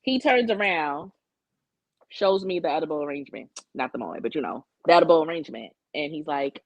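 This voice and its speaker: A woman's voice: low voice, animated, brisk, dry recording. A young woman, co-hosting a podcast and telling her dating stories candidly, swearing freely. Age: young adult. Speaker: podcast co-host. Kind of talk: casual chat. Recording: dull lo-fi sound.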